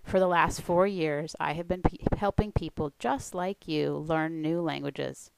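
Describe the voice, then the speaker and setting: A woman who coaches language learners, giving a scripted presentation in a clear, steady way. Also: low-pitched, a little slow, background noise. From United States.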